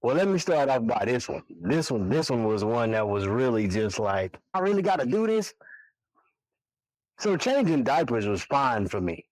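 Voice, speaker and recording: A man in his forties, a guest on a podcast, telling a personal story in a casual, animated way and acting out his own reactions. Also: mid-range voice, normal speed, hardly any pauses, no echo, poor audio. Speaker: podcast guest, barber and single father.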